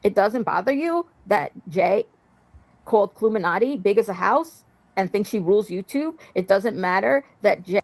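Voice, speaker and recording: A woman's voice: mid-range voice, expressive, normal speed, dry recording. A woman creator on a livestream, airing grievances in an aggrieved, repetitive way. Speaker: online creator. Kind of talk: livestream complaint.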